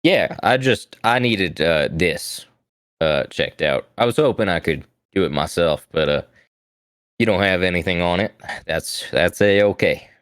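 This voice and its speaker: Deep-voiced dude playing a tabletop game, lots of uhs, laid-back, smooth tone. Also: male voice, animated, a little slow, a bit bright, dry recording, studio quality. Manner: hesitant, filler-heavy, laid-back. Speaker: player. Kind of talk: casual in-character role-play.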